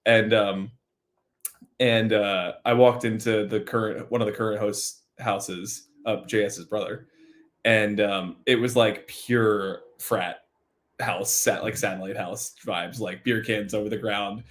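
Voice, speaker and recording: A young man and former host, chatting as a guest on a podcast in a relaxed, rambling way. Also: lowish voice, measured pace. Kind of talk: casual chat.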